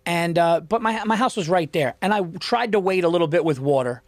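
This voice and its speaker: A man's voice: high voice, expressive, brisk, no room sound. A man from the New York suburbs hosting a podcast, telling a long story in a rambling way and acting out quotes. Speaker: podcast host. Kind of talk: casual chat, storytelling.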